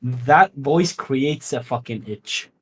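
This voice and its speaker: Arabic-speaking guy guesting on a stream, mid pitch, teases and laughs, swears. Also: takes it slowly, slightly rough. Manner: teasing, laughs often, swears. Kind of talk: casual chat.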